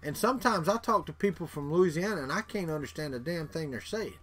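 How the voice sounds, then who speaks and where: A man's voice: on the high side, lively intonation, fast, a bit bright, faint music behind. A middle-aged man from Florida with a Southern accent, chatting casually with live viewers in a rambling way, repeating words and chuckling. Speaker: livestream host.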